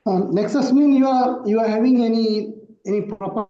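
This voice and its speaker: Male participant, high dark voice, halting answers, muffled roomy call audio. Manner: halting, searching for words. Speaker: course participant. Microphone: video call.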